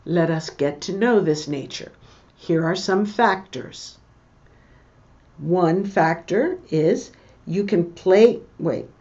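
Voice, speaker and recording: A woman reads a book passage aloud at a slow, careful pace, stopping to explain words and how her questions rise or fall. She sounds like a patient English teacher. The recording is a bit dull and lo-fi. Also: fairly low pitch, darkish tone. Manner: slow, deliberate reading with pronunciation comments. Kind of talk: reading aloud and explaining a text.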